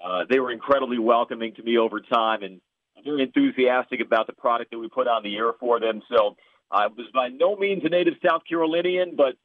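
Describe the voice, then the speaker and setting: A play-by-play broadcaster from the Chicago area, with a Chicago accent and a medium-pitched voice, answers podcast interview questions a little fast in an earnest, storytelling flow. He's on a tinny phone line, so he sounds narrow and dry, with no echo or room around him.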